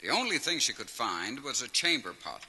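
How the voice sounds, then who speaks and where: On this stand-up recording, a comedian tells jokes as lively stories, cracking himself up at the punchlines. He speaks at a medium pitch and moderate pace, heard through a vinyl transfer with faint hiss and long hall reverb.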